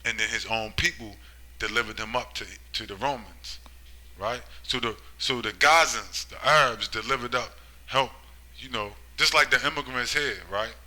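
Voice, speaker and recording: A man preaching a rambling monologue, asking "right?" and "you see?" again and again, and swinging between loud emphatic bursts and low muttering. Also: rough recording. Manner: slow, drawn-out scripture reading. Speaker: religious commentator.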